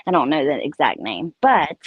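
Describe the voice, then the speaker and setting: A woman's voice: deep voice, very animated, normal speed, breathy edge, no echo, highs cut off. A woman hosting a casual chat, rambling happily about products she likes. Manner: chatty, rambling product recommendations. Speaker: host.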